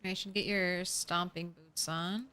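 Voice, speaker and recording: A woman's voice: on the low side, fairly even intonation, measured pace, sharp tone, slight background noise. A woman streamer chatting casually with her viewers while playing a game, rambling and talking to chat. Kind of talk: casual gameplay commentary.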